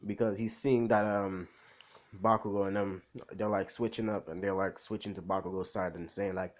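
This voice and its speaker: Brief: man, lowish voice, casual rambling fan storyteller, loose and chatty. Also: fairly even intonation, normal speed. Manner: rambling, full of "like" and "you know". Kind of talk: casual spoken fan-fiction retelling.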